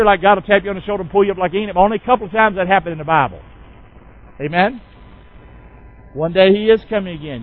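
A man's voice: high-pitched, lo-fi sound. A man pastor preaching a sermon in a folksy, call-and-response way, firing questions at the congregation.

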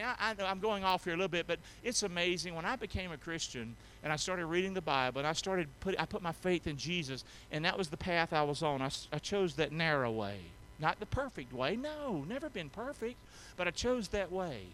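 Animated, high-voiced male pastor preaching. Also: slight background noise. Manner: call-and-response preaching, asks congregation to repeat; emphatic, swings from soft to shouting. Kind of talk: sermon. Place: church sanctuary.

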